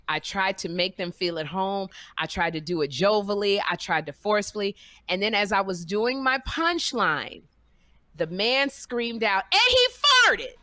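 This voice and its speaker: A middle-aged woman co-hosting a podcast, speaking. Her voice is bright and forceful, and it sounds close and dry. She tells stories animatedly and acts out quoted voices. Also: medium pitch, no echo. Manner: lively storyteller, acts out quoted voices, laughs loudly. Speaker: podcast co-host and comedian. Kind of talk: casual chat, animated storytelling.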